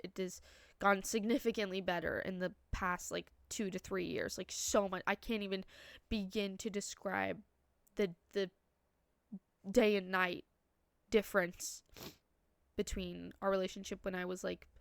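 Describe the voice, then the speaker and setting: A woman's voice: mid-range voice, vocal fry, clean tone, no echo. A nineteen-year-old woman vlogging about her family in a rambling, confessional way, full of "like" and "you know". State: tearful, voice breaking. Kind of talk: personal vlog confession.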